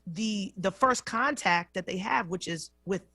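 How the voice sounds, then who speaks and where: A woman hosting a radio talk show, speaking in a measured, emphatic way and drawing out key words. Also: medium pitch, pushed and bright, husky, no echo, studio quality. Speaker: radio host. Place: radio studio.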